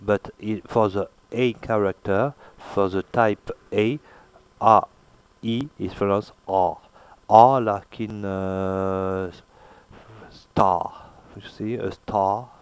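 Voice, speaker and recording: Slow, hesitant man teaching. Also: lowish voice, fairly even intonation, clear, resonant tone, no echo. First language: French. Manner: hesitant, many filler pauses, repeats words slowly to model sounds. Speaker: language teacher. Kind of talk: pronunciation lesson.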